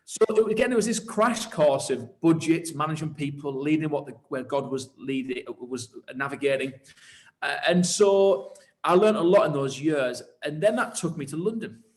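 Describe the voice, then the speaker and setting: A man who leads churches tells his story in an interview with animated enthusiasm. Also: fairly high pitch, normal speed. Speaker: church leader and pastor.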